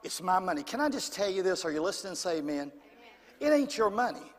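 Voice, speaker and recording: A high-voiced male preacher delivering a sermon, calling for amens in call-and-response and swinging between big and quiet delivery. His voice rolls through a large church with a long reverb tail. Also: big pitch swings, fast. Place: church sanctuary.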